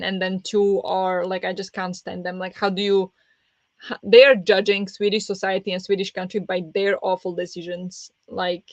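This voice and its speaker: A woman's voice: medium pitch, no echo. A woman hosting a live reading sprint stream, chatting with viewers and laughing often, speaking English as a second language. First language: not English. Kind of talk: casual live-stream chat.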